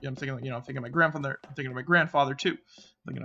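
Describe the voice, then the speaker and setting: A man casually telling a story of a frightening night, rambling and halting with many restarts, dropping to a murmur when he voices his own fearful thoughts. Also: medium pitch, steady tone, vocal fry, pushed and bright, dull audio. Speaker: channel host.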